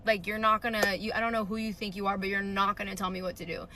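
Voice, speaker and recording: A woman's voice: medium pitch, flat delivery, fast talker, sharp tone, a little hiss or hum. A woman ranting about an argument in a casual, indignant way, full of "like" and restarts. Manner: indignant, rambling, lots of "like". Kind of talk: casual storytime rant.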